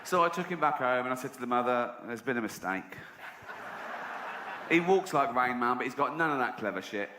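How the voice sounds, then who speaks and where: Middle-aged English stand-up comic, sardonic delivery with sudden high-pitched voicings, recorded in a reverberant venue with audience noise. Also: male voice, expressive, fairly quick. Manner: sardonic storytelling, voices other people with pitch jumps. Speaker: stand-up comedian. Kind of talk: stand-up routine. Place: large live venue.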